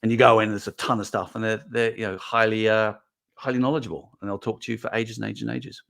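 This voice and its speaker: A middle-aged man with a fairly low voice hosts a relaxed livestream. He chats loosely and reads out viewer comments as he goes. His talk runs in long, animated stories. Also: fast talker, vocal fry. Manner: animated, rambling storyteller. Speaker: host. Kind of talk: casual livestream chat reading comments.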